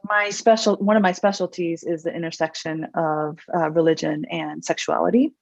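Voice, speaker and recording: A woman psychologist guest speaking in a thoughtful, measured way, pausing with fillers. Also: on the low side, steady tone, creaky, no room sound. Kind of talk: interview conversation. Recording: muffled dry video-call audio.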